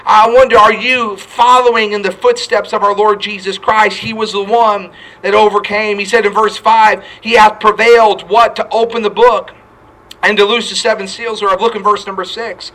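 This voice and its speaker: A man's voice: high voice, level tone, normal speed, sharp tone, poor audio. A male pastor preaching a fervent sermon, quoting scripture and repeating his points.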